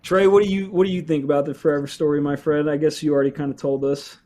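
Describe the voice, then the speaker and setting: A man's voice: fairly high pitch, little pitch movement, quick pace, warm tone. A young man hosting a music podcast in casual chat, laid-back and swearing freely. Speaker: podcast host.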